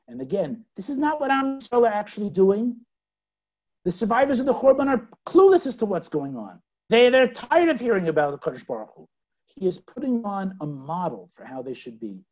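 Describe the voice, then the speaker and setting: A woman teaching a scripture lesson in a dramatic way, asking her listeners questions and swinging from loud to hushed. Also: medium pitch, slightly rough. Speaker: Bible teacher. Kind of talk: expressive scripture lecture. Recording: dull lo-fi recording.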